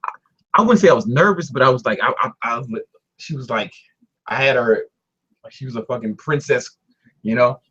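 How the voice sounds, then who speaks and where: A young man telling a story in casual talk, animated and laughing, doing voices for the people in it. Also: mid-range voice, brisk, long pauses, muffled recording, a little hiss or hum. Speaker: guest storyteller.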